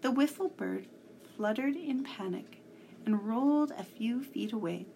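A woman reading a children's story aloud, measured and sometimes hushed. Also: fairly high pitch, expressive, vocal fry, slight background noise.

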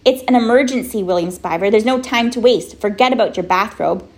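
A woman voicing an anxious, determined young girl who speaks in a high, urgent, insistent way. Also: fairly quick, lightly acted.

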